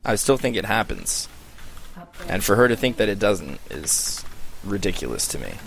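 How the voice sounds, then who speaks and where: A man's voice: on the low side, very animated, normal speed, creaky, a bit bright, slight background noise. Heated, cursing man ranting casually. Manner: heated, profane, filler-heavy storytelling. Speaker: streamer.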